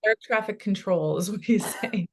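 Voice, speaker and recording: A woman psychic medium in casual chat, talking in an animated, rambling way with quick asides. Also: mid-range voice, slightly rough.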